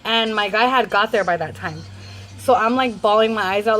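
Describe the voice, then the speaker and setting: A woman's voice: mid-range voice, normal speed, a bit bright, poor audio. A young adult woman vlogger rambling through a casual storytime in a chatty way.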